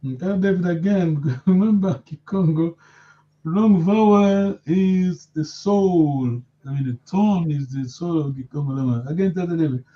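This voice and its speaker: A man's voice: a little high, normal speed. Patient male language teacher, lo-fi sound. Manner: patient, correcting pronunciation with repeated prompts. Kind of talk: live language lesson. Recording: dull lo-fi audio.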